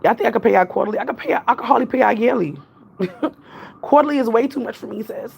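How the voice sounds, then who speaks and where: A young New York woman rambles through a casual livestream chat, her voice carrying a gravelly fry. She laughs often and drifts from one thought to the next. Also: fairly high pitch, quick pace, slight background noise. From Jamaican family. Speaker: vlogger.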